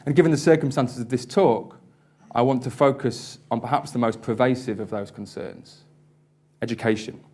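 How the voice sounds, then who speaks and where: Measured male university lecturer. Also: mid-range voice, fairly even intonation, a little mellow. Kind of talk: public lecture with read-aloud passages.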